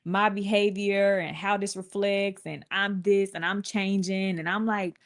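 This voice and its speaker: A young woman tells a story to her viewers in a loose, chatty way, full of "like" and quick asides. When she quotes people, her voice leaps up and down in pitch, so the telling sounds animated and theatrical. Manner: animated, acts out quotes with big pitch jumps. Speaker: vlogger. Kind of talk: casual storytime monologue.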